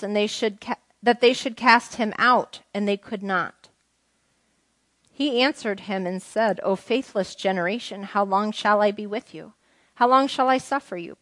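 A woman with a mid-range, slightly bright voice leads an informal Bible teaching for a group, reading scripture aloud and asking them questions conversationally. The sound is dry and close, with no room sound.

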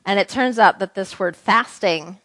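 At a moderate pace, a woman with a slightly bright mid-range voice gives a conversational Bible lesson to a group. She questions them and reads scripture out loud, captured with dry, close sound and no room ambience.

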